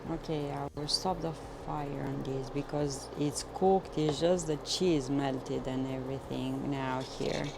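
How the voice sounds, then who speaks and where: A woman chatting with her viewers while she cooks in a home kitchen, excitable and talkative, with some non-native phrasing. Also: rumbling low, unhurried, creaky, few pauses, heavy background noise. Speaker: cooking livestreamer. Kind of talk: casual live cooking chat. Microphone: phone.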